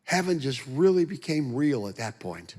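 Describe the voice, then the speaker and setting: A man giving a testimony as a guest speaker in a church, telling it in an animated, joking way and acting out the voices. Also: medium pitch, moderate pace. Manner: animated, joking storyteller who acts out voices. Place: church sanctuary. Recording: long church hall reverb.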